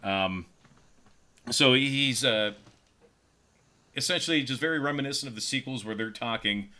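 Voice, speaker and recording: A man co-hosting a podcast, pitching a story casually with lots of fillers and repeated words. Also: moderate pace, pushed and bright. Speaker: podcast co-host.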